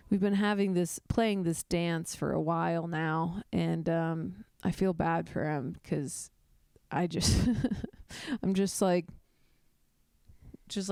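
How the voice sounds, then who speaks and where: Brief: young woman, comedy podcast host, lower voice, smooth and clear, giggly and rambling. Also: a little mellow, no room sound, clean studio sound. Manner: giggly, self-deprecating, rambling with restarts. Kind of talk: casual comedic podcast chat.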